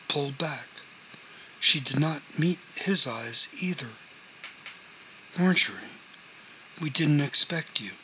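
A man reads a novel aloud in scripted audiobook narration. His voice sits at a middling pitch with a very bright, keen edge. He tells the story in a measured, even way. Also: a little hiss or hum, rough recording.

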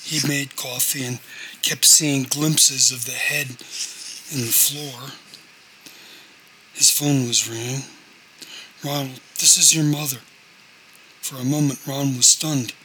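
A man narrating a novel chapter in a steady, measured audiobook reading. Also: mid-range voice, slight background noise, low-quality recording.

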